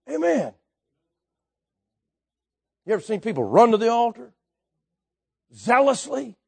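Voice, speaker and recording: A man preaching a sermon, telling stories with folksy asides and swinging from quiet remarks to shouts. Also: very high-pitched, very animated, moderate pace, creaky, pauses often, slightly rough.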